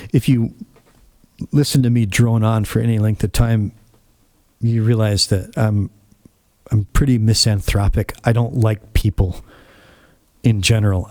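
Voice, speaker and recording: In a dry recording, a man with a mid-range, slightly mellow voice tells a casual story on his own channel. He rambles, speaks bluntly and opinionatedly, and acts out quoted dialogue.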